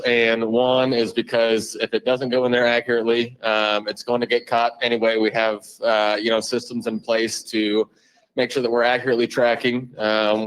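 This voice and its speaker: A man giving a measured fuel update at a company meeting, speaking with many fillers. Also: mid-range voice, poor audio. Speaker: fuel department staff. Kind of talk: work update.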